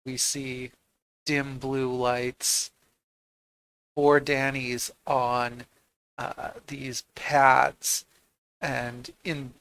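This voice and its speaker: A man at a tabletop game who speaks slowly and with emphasis. His voice is gravelly and of average pitch, and he throws himself into the scene. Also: little pitch movement, a bit bright, no room sound, rough recording. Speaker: player. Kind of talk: tabletop role-play.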